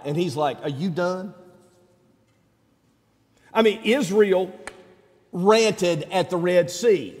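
A middle-aged pastor with a notably high voice delivers a folksy, animated sermon. His voice rings out with a long hall reverb, and his speech sometimes climbs into shouts.

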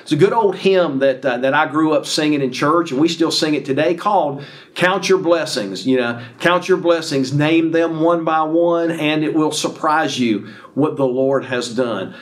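Conversational male preacher, slightly high voice. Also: moderate pace. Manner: conversational, many fillers and restarts, acts out paraphrased dialogue. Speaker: pastor. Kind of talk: sermon, Bible teaching.

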